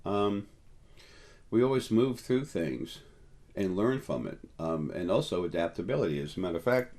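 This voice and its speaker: A man hosting a spiritual video, rambling through a casual monologue to his viewers and leaping higher in pitch whenever he quotes someone. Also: sing-song, normal speed, a little mellow. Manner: storytelling, jumps up high when quoting people.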